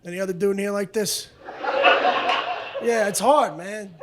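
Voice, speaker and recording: A man doing a stand-up comedy set on a club stage, loud and profane, acting out both sides of arguments. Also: high-pitched, steady tone, moderate pace. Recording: live club recording with audience noise.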